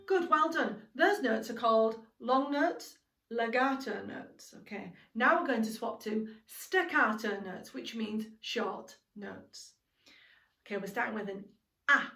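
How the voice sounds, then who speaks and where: A woman teaching a singing lesson to young children, encouraging and speaking slowly and clearly. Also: fairly high pitch, animated, bright, forceful tone. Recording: roomy sound from a distance, music behind.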